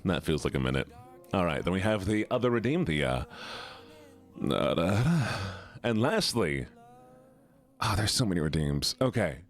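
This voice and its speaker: A man's voice: low voice, very animated, moderate pace, long pauses. A man chatting casually with his live-stream audience, playful and teasing as he reads out viewer redeems.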